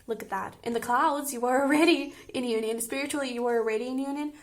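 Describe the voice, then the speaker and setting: A young woman with a fairly high voice gives a casual tarot reading straight to her viewers. She talks in a chatty, emotional way and keeps checking in with them. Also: quick pace. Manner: chatty and emotional, frequent "I feel like" and "okay?". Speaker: tarot reader.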